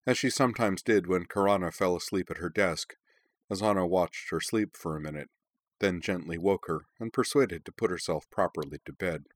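A man reading a novel aloud in measured, even storytelling narration. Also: sits low, dry recording. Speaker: audiobook narrator. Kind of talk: scripted narration.

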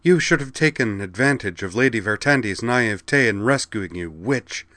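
A fierce young Valkyrie woman, self-righteous and snarling, pitched well above the reader's own low voice, as a man puts her on. Her accusations ring loud and tense in a dry, close recording for a storybook. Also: wildly swooping pitch, normal speed, no echo. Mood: outraged.

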